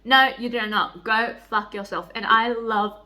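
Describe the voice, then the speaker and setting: A young woman chatting excitedly in a book vlog, gushing, giddy and swearing freely. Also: a little high, unhurried. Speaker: book vlogger. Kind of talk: excited reading vlog chat.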